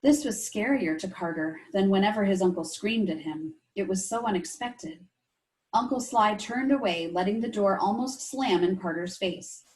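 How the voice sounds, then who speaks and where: A woman's voice: medium pitch, normal speed, rough recording. Woman teacher reading a story aloud. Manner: expressive, asides to young listeners. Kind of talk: reading a chapter book aloud to a class.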